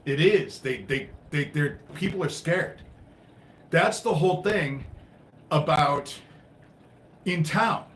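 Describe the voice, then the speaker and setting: A man hosting a live stream, ranting in a frustrated, profane way that swings between loud outbursts and low muttering. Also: animated, takes it slowly, long pauses, roomy sound, a little hiss or hum. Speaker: livestream host.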